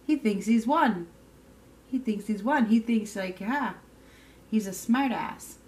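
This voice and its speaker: A tarot reader with a mid-range, slightly mellow voice speaks slowly through a casual card reading. She is blunt and emphatic, repeats herself often, swears casually, and keeps checking in with "okay?"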